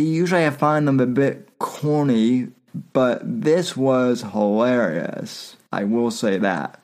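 A man's voice: mid-range voice, takes it slowly, darkish tone. A man hosting a podcast, reading satire aloud in casual commentary and often breaking into laughter. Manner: laughs while reading, loose and irreverent; frequent fillers and restarts. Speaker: podcast host.

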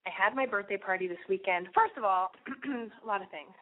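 A woman's voice: medium pitch, fairly quick. A young woman hosting a call-in podcast, rambling in a brash, profane way, sniffly and nasal from a cold. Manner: crude, rambling, lots of "like" and swearing. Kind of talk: brash confessional monologue. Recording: tinny phone-like audio.

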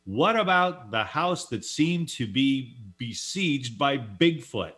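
A man's voice: mid-range voice, lively intonation, slow pace, fairly bright tone. A man hosting an interview, enthusiastic and joking as he praises a book and moves on to the next question. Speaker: host.

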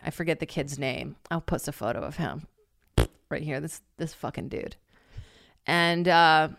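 A woman telling a long story in casual chat, animated and swearing freely, with lots of "like" and loudly acted-out quotes. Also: low voice, dry recording, clean studio sound. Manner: heavy use of filler "like".

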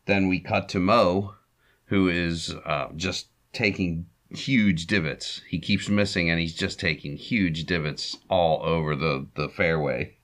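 Male podcast host, low voice, laid-back recap, chuckling, conversational fillers. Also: unhurried. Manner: chuckles often, relaxed with fillers. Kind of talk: casual recap of an old comedy short.

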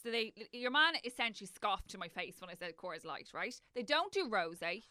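A woman with an Irish accent telling a restaurant story in casual chat, sweary and quick. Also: mid-range voice, big pitch swings, sharp tone, slight background noise. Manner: brisk anecdotal, sweary.

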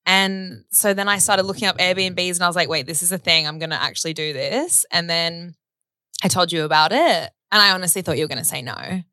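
A woman co-hosts a casual podcast, telling stories in a chatty, animated way. Her voice sits fairly low, and the sound is dry and close to the mic. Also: a little fast, dry recording. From Australia. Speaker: podcast co-host. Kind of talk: casual chat.

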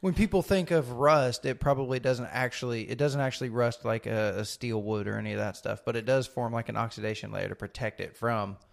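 A middle-aged man in a casual faith podcast chat, talking in a thoughtful, halting, wry way. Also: medium pitch, gravelly. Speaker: co-host.

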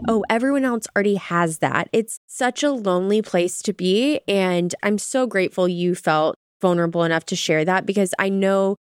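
Smooth-voiced, reassuring woman co-host. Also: mid-range voice, no room sound, studio quality. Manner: earnest, reassuring, flowing. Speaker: podcast co-host. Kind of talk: warm podcast conversation.

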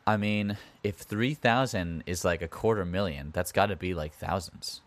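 A podcast host with a low voice and moderate pace retells history casually. He adds wry asides and conversational comments along the way.

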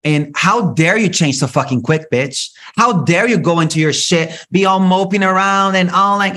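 A man hosting a solo spiritual podcast, talking in an animated, profane, rant-like way with big swings in pitch. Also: moderate pace. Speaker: podcast host.

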